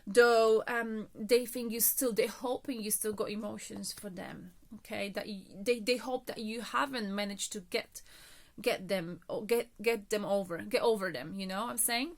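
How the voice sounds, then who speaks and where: A woman's voice: mid-range voice, normal speed. A woman reading tarot cards in a casual, chatty monologue, a little out of breath, often checking in with "okay?" and filler words. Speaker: tarot reader.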